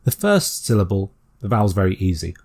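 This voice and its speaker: A British man explaining a constructed language step by step in a calm, methodical tutorial voice. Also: low-pitched, brisk. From Britain. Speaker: language teacher.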